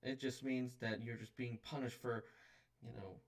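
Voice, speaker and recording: A man's voice: mid-range voice, flat delivery, moderate pace, recorded from a distance. A man narrating as game master for a tabletop game, hesitant and full of fillers.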